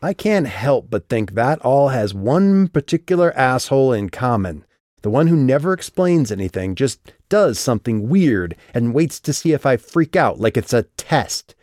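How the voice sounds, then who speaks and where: A man voicing a sharp, defensive young woman. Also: medium pitch, very animated, normal speed, no echo, clean studio sound, voice pushed up, natural voice. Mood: sarcastic. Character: tense, angry young woman driver.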